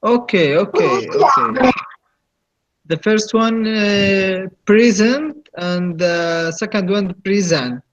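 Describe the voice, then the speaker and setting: A man's voice: sits high, animated, fairly bright tone. Hesitant man on a muffled call. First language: Arabic. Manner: hesitant, many filler pauses. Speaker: student. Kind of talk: answering in online class. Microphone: video call. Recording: muffled video call audio.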